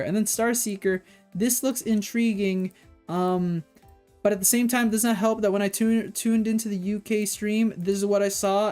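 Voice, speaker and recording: A streamer chatting casually on a livestream in a rambling way, whose voice leaps high when excited. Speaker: streamer reacting to game announcements.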